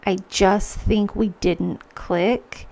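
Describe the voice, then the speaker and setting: A woman's voice: mid-range voice, steady tone, very slow, creaky, darkish tone. A woman hosting a podcast, speaking earnestly in a reflective personal monologue, with many restarts as she acts out her own thoughts. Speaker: podcast host.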